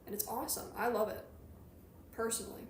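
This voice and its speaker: A woman's voice: a little high, steady tone, fairly quick, noisy background. Chatty Southern woman, echoey room. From Georgia, USA. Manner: rambling, chatty, reads and answers chat. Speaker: streamer. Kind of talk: casual chat while crocheting on a livestream.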